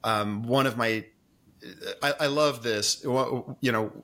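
Bright-voiced male podcast host. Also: medium pitch, slow pace. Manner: chatty, thinks aloud with frequent restarts. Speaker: podcast host interviewing a guest. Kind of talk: casual interview conversation.

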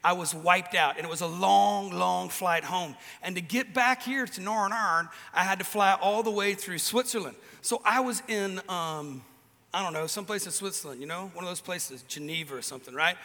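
Male preacher, very high and bright, loose joking delivery, reverberant venue. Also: brisk, gravelly. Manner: casual, joking storyteller with restarts. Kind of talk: sermon. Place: large event venue with a band.

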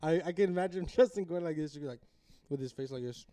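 A man co-hosting a casual podcast, crude and teasing and quick to laugh. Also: a little high, warm tone, no room sound, clean studio sound. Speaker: podcast co-host.

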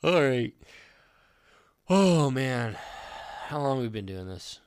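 A man's voice: medium pitch, big pitch swings, slow, darkish tone, clean tone, no echo, studio quality. A young man co-hosting a podcast, chatting casually, joking and rambling with frequent laughs. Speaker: podcast co-host. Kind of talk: casual chat.

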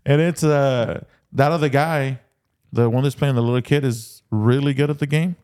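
Man, podcast co-host, casual chat, animated, amused storyteller, average pitch. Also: moderate pace, clear, resonant tone.

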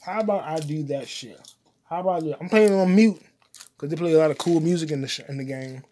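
A man hosting his own solo comedy podcast, cursing often and rambling while he eats popcorn, his voice swinging between loud outbursts and mutters. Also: fairly quick. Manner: profane, loud swings in volume and pitch; eating popcorn while talking. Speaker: podcast host.

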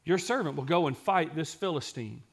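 Reading scripture aloud, a man preaches a sermon, pausing to explain the passages and put questions to his listeners. His voice is slightly high and slightly rough, his speed normal, and at points he drops into a quiet, intense delivery to drive a point home.

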